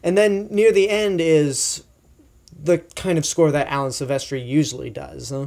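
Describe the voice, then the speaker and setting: A man's voice: fairly high pitch, animated, normal speed, creaky, a little mellow. Chatty young male movie reviewer. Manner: chatty, enthusiastic, with fillers and asides. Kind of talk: casual spoken film review.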